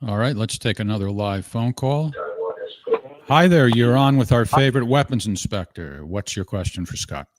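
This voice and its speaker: A male host runs a call-in show, briskly taking calls and reading listener questions. His pitch rises and falls in a lively way. The sound is dry and close. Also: dry recording. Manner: brisk, joking, reads listener questions aloud.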